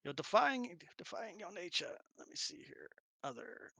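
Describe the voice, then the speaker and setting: A man's voice: high voice, big pitch swings, moderate pace, gravelly, bright, forceful tone, dry recording. A man running a tabletop game, chatting casually and muttering to himself while fiddling with settings. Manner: muttering to himself, jokey and distracted. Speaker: game master.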